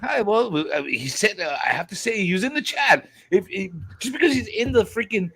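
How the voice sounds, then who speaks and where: A man hosting a casual livestream chat, greeting viewers in a quick, excitable, profane way. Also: sits high, vocal fry, husky, no room sound. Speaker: host.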